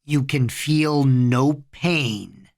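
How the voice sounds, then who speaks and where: A reader voicing a furious, panicking older boy who yells in a high, tinny voice in a storybook reading. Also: very slow. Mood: cold hypnotic. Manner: shrill yelling.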